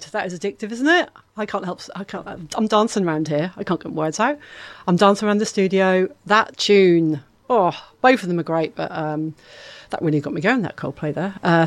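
A woman's voice: on the low side, no room sound. A woman presenting local radio from a studio, bubbly and chatty with lots of fillers as she signs off. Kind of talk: live radio chat, signing off. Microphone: studio microphone.

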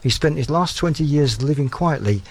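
A man hosting a music show in a chatty, relaxed way. He is self-deprecating and uses frequent fillers. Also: on the high side, moderate pace, slightly rough. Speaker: radio-style music show host.

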